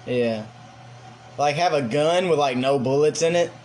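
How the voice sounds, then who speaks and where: A man's voice: a little high, a little slow, darkish tone. A man co-hosting a podcast, ranting and mocking in crude, casual banter. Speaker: podcast co-host.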